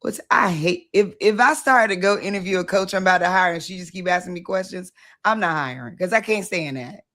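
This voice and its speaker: A woman hosting a casual conversation, talking bluntly and in an animated way, acting out the things she says to people. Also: lowish voice, fairly quick. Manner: blunt, animated, acts out her own past self. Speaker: host, founder of the organization.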